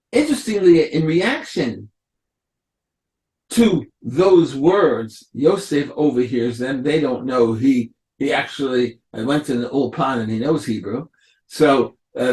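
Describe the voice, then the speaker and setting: A man, a rabbi, giving a Torah lecture, explaining slowly and acting out the quotes of biblical figures. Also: fairly high pitch, darkish tone. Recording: echoey room.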